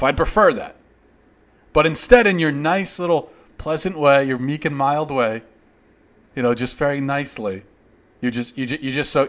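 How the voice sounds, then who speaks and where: A man's voice: mid-range voice, a bit bright. A man hosting a show, delivering a heated, sarcastic opinion monologue in reply to a critic. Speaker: host.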